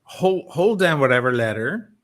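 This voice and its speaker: An Irish man talking as a guest in a casual chat, telling stories in an animated way and swearing freely. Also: a little high, moderate pace, crowd noise. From Ireland.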